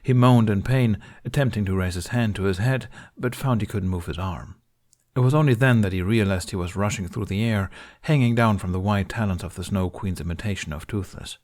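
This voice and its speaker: A man narrating a fan fiction story aloud in a steady, measured storytelling manner. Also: fairly low pitch. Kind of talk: scripted narration.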